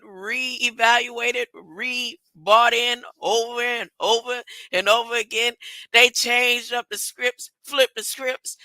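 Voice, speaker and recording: An excitable woman preaching in a loose, rambling vlog monologue, peppering her lines with "huh?" and repeating herself. Her voice is very bright and edgy. She talks at an unhurried pace into a close, dry mic. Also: on the high side, dry recording. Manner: excitable, laughs between phrases. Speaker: online video preacher.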